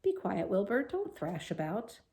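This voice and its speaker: A woman voicing a gentle, dying female spider in a storybook reading, soft, low and steady. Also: a little slow.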